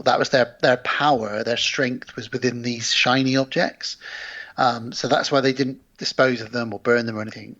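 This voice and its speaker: Man, film podcast co-host, steady plot recap, bright edgy tone, muffled lo-fi audio. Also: mid-range voice. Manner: steady plot recounting, measured and explanatory. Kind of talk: casual film discussion.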